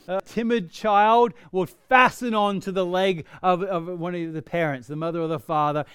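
A man's voice: high-pitched, clean tone. A man preaching a sermon, earnest and building to emotional intensity. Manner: earnest, rising to emotional intensity on quoted prayers.

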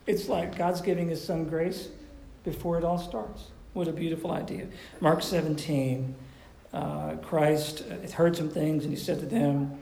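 A man's voice: on the high side, flat delivery, a little slow, gravelly, warm tone, reverberant, slight background noise, rough recording. A man preaching a sermon as a pastor and counselor, teaching in a conversational way with rhetorical questions.

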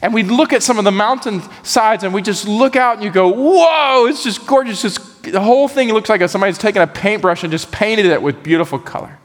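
A man preaching a sermon, animated and acting out the voices he quotes. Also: high-pitched, fast talker, few pauses, in a large hall. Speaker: pastor.

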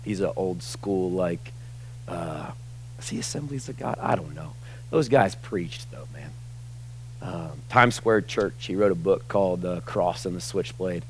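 A man's voice: low voice, a little slow, slight background noise. A pastor in his forties preaching a sermon to his congregation in a casual, conversational way, often saying "like" and "y'all". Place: church sanctuary with a congregation.

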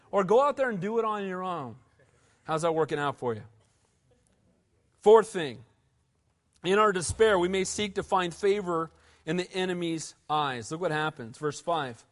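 A man preaching a sermon in a conversational, emphatic way, often asking the room for an amen. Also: high voice. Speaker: pastor.

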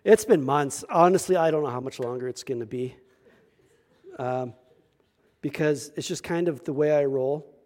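A man preaching a sermon at a church service. He moves from loud, emphatic scripture reading to quiet, joking asides. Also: a little high, normal speed, pauses often. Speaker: pastor.

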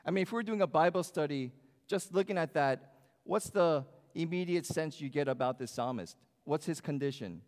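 A man's voice: fairly high pitch, animated, normal speed, a little mellow. A man preaching a sermon in a church sanctuary, talking conversationally and asking the congregation questions. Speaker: pastor. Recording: long hall reverb.

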